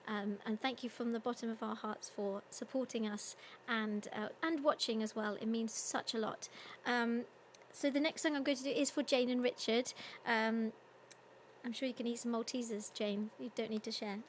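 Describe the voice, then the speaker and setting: A woman's voice: on the high side, steady tone, normal speed, a little hiss or hum. A young woman, a singer hosting a livestream concert, chatting casually and reading out viewer comments with lots of ums and little laughs. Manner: chatty, giggly, with many ums.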